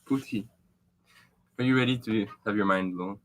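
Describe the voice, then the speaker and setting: A man's voice: fairly low pitch, normal speed, a bit bright. Joking co-host man from Quebec. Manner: joking, laughs often. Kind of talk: casual live-stream chat.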